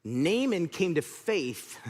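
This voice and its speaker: A man's voice: a little high, very animated, extremely slow, darkish tone. A male pastor preaching a sermon, telling stories animatedly and acting out scenes.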